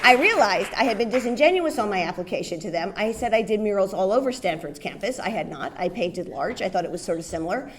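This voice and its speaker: A middle-aged woman from New Jersey giving a keynote speech, telling her stories in an animated way and acting out the dialogue. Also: mid-range voice, quick pace, few pauses, a crowd in the background, background noise. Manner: animated storyteller, acts out dialogue, laughs often. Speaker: keynote speaker.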